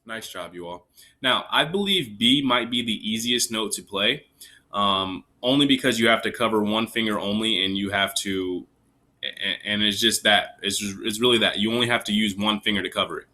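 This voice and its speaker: A man's voice: lowish voice, moderate pace, pushed and bright. A man teaching young children a recorder lesson, patient and encouraging, counting the beats aloud with them. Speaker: elementary music teacher. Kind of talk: recorded online music lesson.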